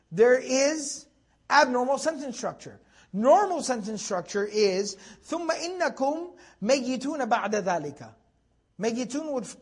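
A man teaching a Quran commentary lesson to a class, animated and joking with his students, repeating words for emphasis. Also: very high voice, breathy edge.

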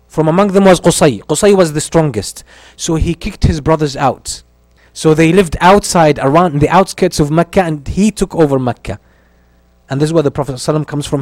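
A man teaching a religious history lesson in a somewhat high voice. He moves between reciting Arabic and explaining it, often repeating his points. The sound is dry and close, with no room echo. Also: a little mellow. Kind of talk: lecture on early Islamic history.

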